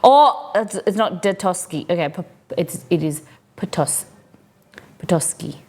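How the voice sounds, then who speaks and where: At a measured pace and in a lowish voice, a woman chats casually with her stream viewers during an unboxing, looking over a collection. Full of curiosity, she asks many questions and exclaims excitedly.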